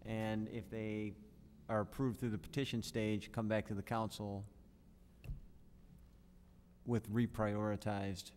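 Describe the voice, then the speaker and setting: A man's voice: lowish voice, little pitch movement, slow pace, long pauses, a little mellow, a little hiss or hum. A man alderman speaking hesitantly at a council meeting, restarting his sentences. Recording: long reverb council chamber audio.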